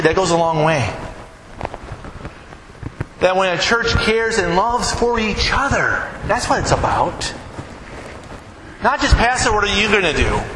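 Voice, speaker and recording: A male pastor giving a conversational sermon in a church, acting out quoted exchanges with emphatic rising peaks. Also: high-pitched. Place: church sanctuary. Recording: echoey hall, background noise.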